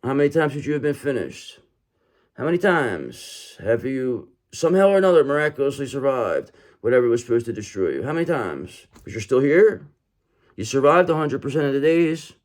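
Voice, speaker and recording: A man's voice: mid-range voice, sing-song, fairly quick, darkish tone. A man giving a tarot reading straight to his viewers, talking emphatically, repeating himself for effect and checking in with "okay?" and "brother". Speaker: tarot reader.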